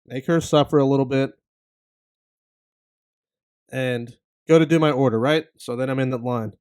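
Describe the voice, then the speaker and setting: A man in his thirties, a podcast host, telling a comedic story in an animated, exasperated way and acting out the other people in it. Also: mid-range voice, normal speed, clean tone.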